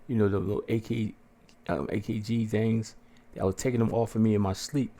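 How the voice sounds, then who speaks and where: A man hosting a podcast, telling a story casually with plenty of swearing and animated delivery, jumping into a raised voice to act out what people said. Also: fairly low pitch, a little fast. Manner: profane, animated, acts out quotes in a raised voice. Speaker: podcast host.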